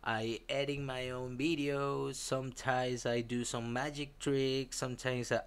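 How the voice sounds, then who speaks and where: A man's voice: medium pitch, level tone, measured pace, few pauses, clear, resonant tone. A man vlogging about his comics in a rambling, profane, casual way, with many fillers and restarts and a frustrated, venting tone. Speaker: comic creator.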